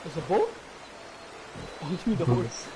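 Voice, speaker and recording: A man's voice: on the high side, wildly swooping pitch, unhurried. A young man playing a video game with a friend, swearing and bantering casually. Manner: swearing, joking banter with a story. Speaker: gamer. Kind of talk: casual gaming chat. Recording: loud game noise behind. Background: loud game sounds of water and animals.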